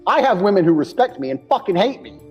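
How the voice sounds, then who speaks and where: A man's voice: high-pitched, lively intonation, fast talker, darkish tone, slightly rough, muffled recording, soft background music. A man talking bluntly and crudely, hammering his points by repeating them. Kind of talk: casual talk.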